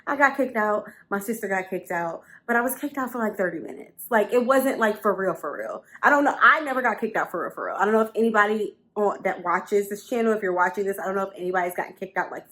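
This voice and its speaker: Young adult woman, home vlogger, casual and chatty, repeats phrases for emphasis, mid-pitched. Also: fast, hardly any pauses, fairly bright tone. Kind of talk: casual storytelling to camera. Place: bedroom at home.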